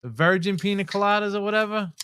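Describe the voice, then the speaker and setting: A man's voice: high voice, fast talker, clear, resonant tone, no room sound, studio quality. A man hosting a podcast, telling stories in casual chat with lots of swearing and acting out the people he quotes. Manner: animated storytelling, heavy swearing, acts out quoted people. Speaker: podcast host.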